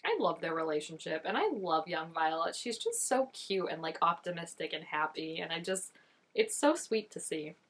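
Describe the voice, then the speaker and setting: A woman's voice: on the low side, big pitch swings, moderate pace, a bit bright. A young woman hosting a reaction video, chatting casually and gushing over each scene, with lots of "like" fillers. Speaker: reaction channel host.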